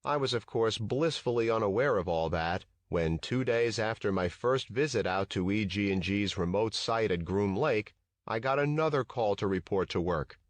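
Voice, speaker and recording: Deep-voiced man reading a memoir. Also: animated, normal speed, dry recording. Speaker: audiobook narrator. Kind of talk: scripted first-person memoir narration.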